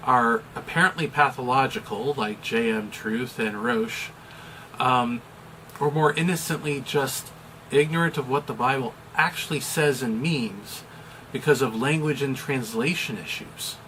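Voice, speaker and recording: A middle-aged American man, a chaplain, explaining a topic in a measured, deliberate way with some fillers. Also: medium pitch, bright, forceful tone, a little hiss or hum, low-quality recording. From United States. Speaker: chaplain and pastor. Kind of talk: explanatory video commentary.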